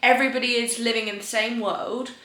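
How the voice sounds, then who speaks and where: A woman's voice: on the high side, fairly even intonation, a little fast, bright, forceful tone, dry recording. A young woman with a British accent, chatting casually to camera in a rambling, self-deprecating way. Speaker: vlogger. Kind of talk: casual vlog chat to camera.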